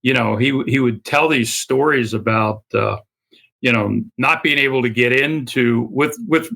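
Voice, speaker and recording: An older man speaking as an interview guest, earnest and halting, with many fillers and repeated starts. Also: mid-range voice, creaky, pushed and bright. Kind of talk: conversational interview.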